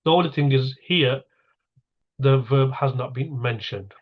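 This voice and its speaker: A man's voice: medium pitch, unhurried, muffled recording. A man teaching an Arabic grammar lesson, explaining patiently step by step and asking and answering his own questions.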